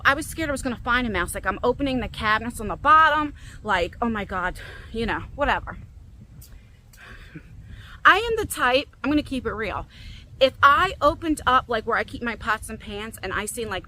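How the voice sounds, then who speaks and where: A middle-aged woman vlogging as she walks in a park, telling a story casually and acting out her own lines with big leaps in pitch, recorded on a phone. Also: slight background noise. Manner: animated, quotes herself with big jumps in pitch. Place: outdoors in a park, walking. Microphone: phone on a selfie stick.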